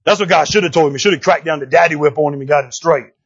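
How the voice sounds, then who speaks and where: A man preaching a sermon, animated and full of call-and-response, asking "right?" again and again. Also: fairly high pitch, very fast, vocal fry, breathy edge, lo-fi sound. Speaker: pastor. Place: church sanctuary.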